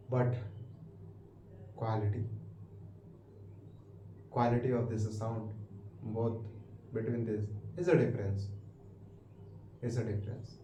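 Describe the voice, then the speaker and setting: A man with an Indian English accent teaching a physics lesson, halting and repetitive, asking the class questions. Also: mid-range voice, dark tone. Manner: halting, repeats words and restarts, asks questions. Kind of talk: classroom lecture. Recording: echoey room with faint background hiss.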